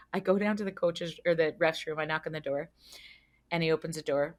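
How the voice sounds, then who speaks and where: A woman who works as a child psychologist, speaking as a podcast guest and telling stories with frank, expressive energy, swearing freely and acting out scenes. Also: deep voice, a little fast. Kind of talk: animated podcast storytelling.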